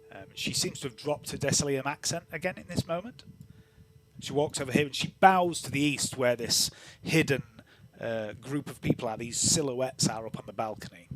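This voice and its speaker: A man running a tabletop game as game master, narrating in a relaxed, rambling way with lots of fillers. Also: medium pitch, moderate pace, a little hiss or hum.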